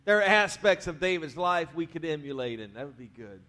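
Male pastor, fairly high voice, casual sermon delivery, quiet phrase endings with bursts of urging. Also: animated, brisk. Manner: conversational preaching, drops to quiet endings, rises to urge the crowd. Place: church sanctuary.

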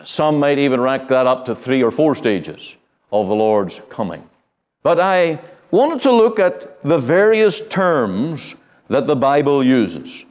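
A middle-aged man from the United Kingdom gives a Bible study lecture. He speaks in an earnest, measured way, pausing often and restarting phrases as he works through his points. His voice sits at an ordinary pitch for a man. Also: sing-song, darkish tone. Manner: earnest, measured teaching with frequent pauses and fillers. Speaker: Bible teacher.

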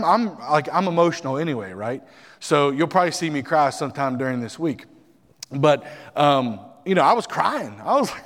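A man, a missionary, telling a personal story to a congregation, animated and quoting others as he goes. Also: fairly high pitch, normal speed, big-room sound. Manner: animated testimony, quotes others in voices. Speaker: missionary speaker. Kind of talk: sermon storytelling.

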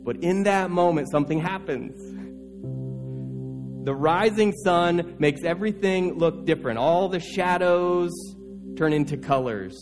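A pastor preaching a sermon in an earnest, urging way, building through repeated phrases. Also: male voice, high voice, measured pace, music in the background.

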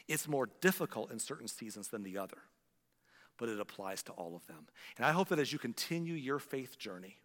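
Earnest pastor preaching in a reverberant hall. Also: male voice, mid-range voice. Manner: earnest, emotional, swings from loud emphasis to hushed. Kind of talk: sermon.

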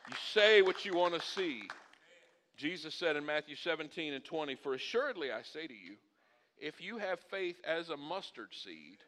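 A man preaching a sermon as pastor, animated and folksy, building to loud, impassioned peaks. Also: a little high, moderate pace. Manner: folksy and humorous asides.

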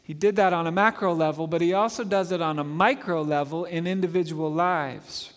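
A man's voice: on the high side, steady tone, fairly quick. A middle-aged man preaching a sermon as pastor, earnest, repeating phrases for emphasis and checking in with the congregation. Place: church sanctuary. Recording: long reverb of a large church hall.

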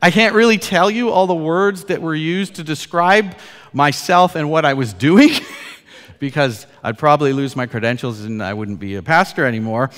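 A man in his forties preaching a sermon as pastor, telling stories with laughs and swinging from loud to soft. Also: on the high side, normal speed. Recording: long hall reverb.

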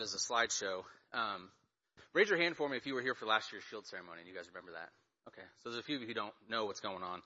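A man addresses a church congregation in a nervous, hurried way, his tone very bright and forceful. The sound is muffled and dull, as if taken from the church's sound system. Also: medium pitch. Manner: nervous, hurried, breathless at times. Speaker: children's ministry leader. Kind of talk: church ceremony speech and poem reading. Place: church sanctuary.

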